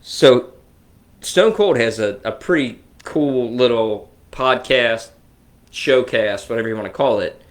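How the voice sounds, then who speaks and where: A man in his forties co-hosting a casual podcast, telling rambling, animated stories. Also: mid-range voice, a little slow. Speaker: co-host. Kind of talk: casual chat.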